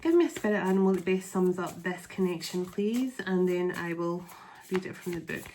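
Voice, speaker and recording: A woman doing a spiritual tarot reading to camera, emotional and excitable, reading card texts aloud. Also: on the low side, fairly quick, slight background noise. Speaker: tarot reader.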